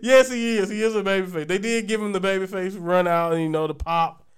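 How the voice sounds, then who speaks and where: A man's voice: high voice, fairly even intonation, fairly quick, smooth. A man co-hosting a podcast in casual chat, rambling and joking, laughing often. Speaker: podcast co-host.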